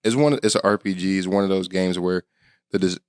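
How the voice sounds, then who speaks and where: Low, hoarse man in casual chat. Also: fairly quick, darkish tone, no room sound, clean studio sound. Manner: loose, profane storytelling. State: hoarse, losing his voice. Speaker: podcast co-host.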